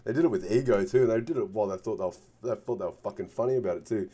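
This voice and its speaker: A man's voice: fairly low pitch, racing, dark tone, slightly rough. A man giving a casual tarot card reading, emphatic and constantly checking in with the listener. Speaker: tarot reader.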